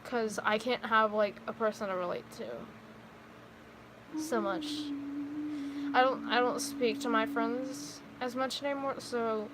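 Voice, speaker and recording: A woman's voice: on the high side, fairly even intonation, unhurried. A teenage girl streaming, chatting in a rambling, emotional way with lots of "like.". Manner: rambling, emotional, heavy use of "like". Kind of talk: casual livestream chat. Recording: loud background noise, passing vehicles.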